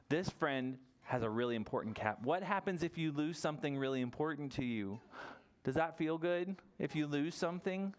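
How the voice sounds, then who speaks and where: A man leading a library toddler story time, talking in a playful, sing-song way and coaxing small children with questions. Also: on the high side.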